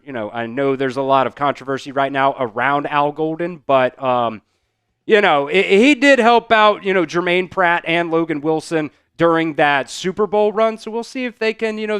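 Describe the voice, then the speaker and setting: A man's voice: on the high side, a bit bright, smooth, dry recording, clean studio sound. A man hosting a live sports talk stream, speaking casually with many fillers and answering viewer comments from the chat. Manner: casual, rambling, heavy on fillers. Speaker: sports show host.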